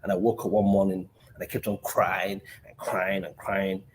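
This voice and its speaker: A man hosting a podcast, telling a personal story in a hesitant, halting way. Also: sits low, little pitch movement, slight background noise. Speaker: podcast host. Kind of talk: conversational podcast talk.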